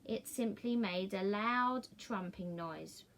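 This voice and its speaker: A middle-aged woman reading a picture book aloud in a sing-song, gently coaxing way. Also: medium pitch, slow pace. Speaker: storyteller.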